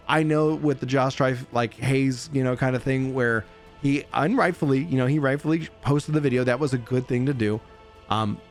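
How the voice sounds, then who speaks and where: A man who makes gaming videos, reading a developer update aloud and then chatting casually about it. He stumbles and restarts often and jokes at his own slips. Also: medium pitch. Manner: reads haltingly with slips and restarts, chatty and self-deprecating. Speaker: gaming YouTuber.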